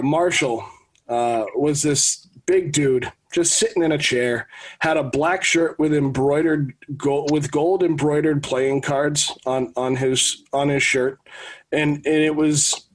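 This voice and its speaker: A man in his thirties from New England, co-hosting a sports podcast and telling anecdotes in a lively, casual way with frequent restarts. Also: fairly high pitch. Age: 30s. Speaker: podcast co-host.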